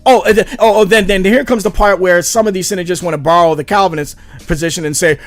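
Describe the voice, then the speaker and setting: A man hosting a commentary channel, reacting to a debate clip with animated, sarcastic asides. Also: high-pitched, fast, hardly any pauses, dry recording, soft background music.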